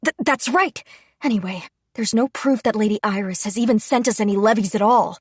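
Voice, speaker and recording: A woman's voice: mid-range voice, a little fast, husky, no room sound, studio quality, lightly acted. A woman voicing a hotheaded young prince who stammers and blusters defensively. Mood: blustering.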